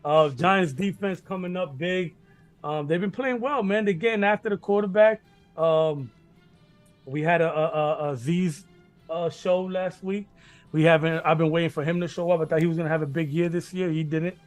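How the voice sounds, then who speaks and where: A man's voice: fairly high pitch, fairly even intonation, moderate pace, no room sound, soft background music. A man hosting a casual sports betting chat, rambling, repeating himself, laughing and swearing often. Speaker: sports betting podcast host.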